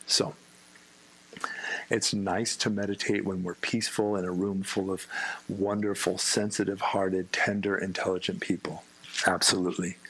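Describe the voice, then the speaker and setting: A man giving a meditation talk to a group, slow and gentle, with self-mocking humor. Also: low-pitched, vocal fry, a little hiss or hum, rough recording. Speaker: meditation teacher.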